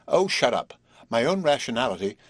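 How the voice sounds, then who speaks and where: A man's voice: medium pitch, sing-song, fairly quick, dry recording. A man voicing a brash, slangy young stage actress who teases and pushes. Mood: teasing. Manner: slangy, playful, pushy.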